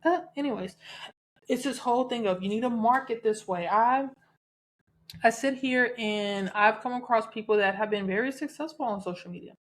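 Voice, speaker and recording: A woman's voice: a little high, moderate pace. Candid Southern woman podcaster. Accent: Southern American. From American South. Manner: candid, chatty, frequent laughs and cussing. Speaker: podcast host. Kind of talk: casual solo podcast talk.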